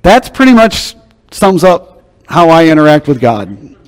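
A man preaches in a folksy, storytelling way, his high voice dropping low and quiet for asides, then climbing loud for outbursts. His voice rings out with a long reverb through a large church sanctuary. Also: sing-song, unhurried, clear, resonant tone. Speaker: pastor. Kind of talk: sermon.

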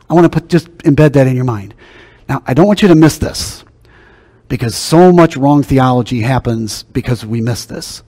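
An older man preaching a sermon as pastor, emphatic, slowing down and dropping his voice to drive key points home. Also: mid-range voice. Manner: emphatic, slows down and drops to a hush for key points. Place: church sanctuary. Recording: long hall reverb.

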